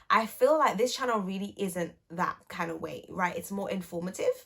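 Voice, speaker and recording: A woman in her twenties speaks straight to camera in a relaxed catch-up vlog. She is chatty and playful and often pokes fun at herself. Her voice sits at an ordinary middle pitch for a woman. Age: 20s. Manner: chatty, playful and self-teasing, with light laughs. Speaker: YouTuber and speech and language therapist.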